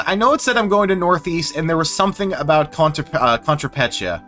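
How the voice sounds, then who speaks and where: Chatty, lively streamer man. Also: fairly high pitch, fast, soft background music. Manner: rambling, self-deprecating, swears, laughs often. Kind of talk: casual game commentary.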